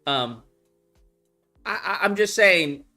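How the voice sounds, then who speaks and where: A man giving casual commentary, animated and profane, repeating his points. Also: sits high, slow pace, faint music behind. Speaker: online commentator.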